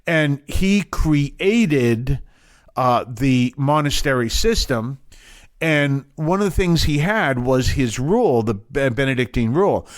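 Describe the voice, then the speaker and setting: A man's voice: mid-range voice, lively intonation, slow pace, no room sound. Man rambling through a Bible lesson. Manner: thinking aloud, digressive, with many fillers and restarts. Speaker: Bible teacher. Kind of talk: informal Bible teaching talk.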